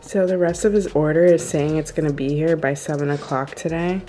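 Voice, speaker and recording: Casting: wife in a family vlog, easygoing and joking, lower voice, faint music behind. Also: female voice, a little fast. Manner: relaxed, playful, joking. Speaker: vlogger, wife. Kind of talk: casual vlog chat.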